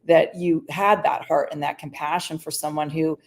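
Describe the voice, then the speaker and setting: A woman hosts a podcast in a very low voice. She speaks fluently and reflectively, often turning to address the audience. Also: fairly even intonation, normal speed. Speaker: podcast host. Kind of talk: podcast conversation.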